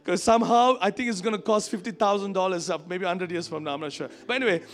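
A man from Asia preaching a sermon to a congregation, telling a personal story in an animated, conversational way. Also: high voice, fast talker. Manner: animated, conversational, acts out quoted voices. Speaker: pastor. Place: church service before a congregation.

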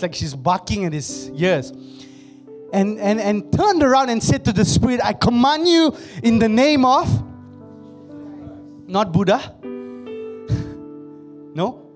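A man's voice: high voice, a little mellow. A man preaching to his church in a conversational way, often laughing and acting out the people he quotes. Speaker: pastor. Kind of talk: sermon.

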